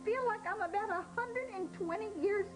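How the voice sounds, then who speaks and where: A woman's voice: extremely high pitch, moderate pace, over music, rough recording. An actress playing a fussy, guilt-tripping older mother-in-law who talks in a wheedling, tearful quaver, in a daytime soap. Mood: self-pitying.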